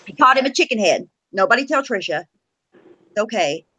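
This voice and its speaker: A woman's voice: fairly high pitch, expressive, a little fast, pushed and bright, a little hiss or hum, low-quality recording. A woman co-hosting a casual live-stream chat, blunt and profane, teasing with laughter.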